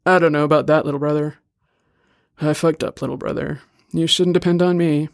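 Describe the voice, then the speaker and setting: A man's voice: on the high side, fairly even intonation, brisk, dry recording, clean studio sound, lightly acted. A man voicing a rambling drunk older brother.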